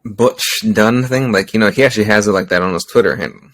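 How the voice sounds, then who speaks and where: A man co-hosting a casual wrestling podcast, tossing in quick offhand remarks. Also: lowish voice, fairly bright tone, no echo. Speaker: podcast co-host.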